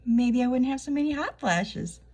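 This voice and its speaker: A woman's voice: sits high, lively intonation, moderate pace, darkish tone. A middle-aged woman, hosting her channel with a wry, chatty comedic monologue and laughing at her own jokes. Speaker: channel host.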